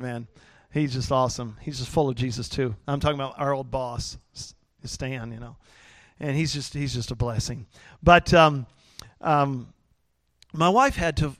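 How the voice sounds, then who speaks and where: A man's voice: on the high side, a bit bright, no echo, studio quality. A middle-aged man preaching a sermon in a folksy, joking way with lots of fillers. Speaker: pastor.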